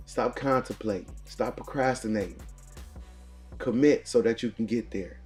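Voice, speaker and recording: A man's voice: mid-range voice, normal speed, a little mellow, soft background music. Preachy motivational man, punchy cadence. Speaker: motivational morning show host. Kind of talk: motivational talk.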